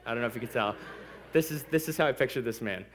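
A man's voice: mid-range voice, fast talker, slight background noise. A man preaching a sermon in a church, conversational and playful, with asides to the congregation. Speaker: pastor.

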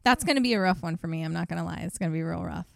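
A woman's voice: fairly low pitch, rapid-fire, vocal fry, dry recording, studio quality. A middle-aged woman co-hosting a podcast in easygoing, wry casual chat. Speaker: podcast co-host.

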